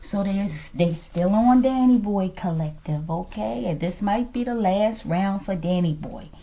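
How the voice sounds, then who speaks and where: Animated woman reading tarot cards. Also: medium pitch, a little slow, slight background noise. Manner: animated, calls out "collective" and "okay?" often. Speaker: tarot reader. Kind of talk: casual tarot reading to viewers.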